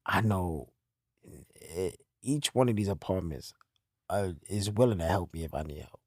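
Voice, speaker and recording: A young man telling stories in casual conversation, swinging between low, quiet stretches and loud bursts. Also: normal speed, breathy edge, no room sound, clean studio sound. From New York. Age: young adult. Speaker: podcast guest telling his story.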